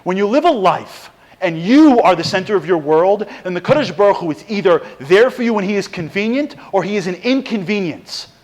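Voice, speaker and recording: A middle-aged man gives a Torah talk as a storytelling sermon, his high voice fairly quick. He's an animated storyteller who acts out the quotes, his intensity rising as he goes.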